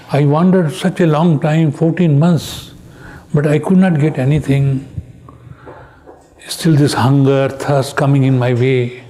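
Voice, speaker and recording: Slow-spoken older man telling a story. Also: fairly high pitch, mellow. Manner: slow, earnest storytelling, acting out quoted dialogue. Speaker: guest speaker. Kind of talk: personal storytelling talk.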